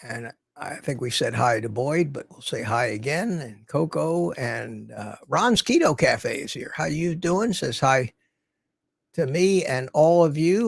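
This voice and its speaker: A man's voice: fairly high pitch, creaky, fairly bright tone, no echo. An older man hosting a livestream in casual chat, rambling along and greeting viewers by name. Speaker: livestream host. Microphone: studio mic through a mixer.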